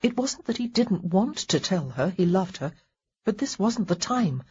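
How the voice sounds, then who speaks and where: A woman narrating an audiobook with wry, expressive storytelling. Her voice is husky and breathy, and it rises and falls in lively sweeps. The audio has a dull, muffled quality. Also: medium pitch, normal speed. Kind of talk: scripted narration.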